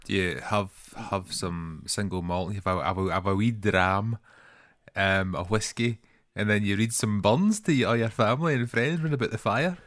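Deep-voiced dry Scottish co-host. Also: male voice, normal speed, fairly bright tone, no room sound. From Scotland. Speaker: podcast co-host. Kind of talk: casual chat.

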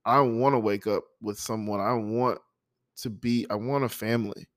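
A man, a father, reading his own poems and talking through painful holiday memories in a halting, heartfelt way with sighs and restarts. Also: lowish voice, steady tone, dry recording, studio quality. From United States. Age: adult, a father. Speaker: poet sharing his poems. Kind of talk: emotional spoken-word reading and personal reflection.

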